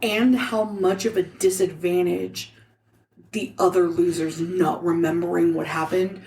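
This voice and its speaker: A woman's voice: on the low side, fairly even intonation, unhurried, creaky, darkish tone. A woman co-hosting a podcast, chatting and reacting casually. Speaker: podcast co-host. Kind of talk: casual chat. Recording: echoey room with faint noise.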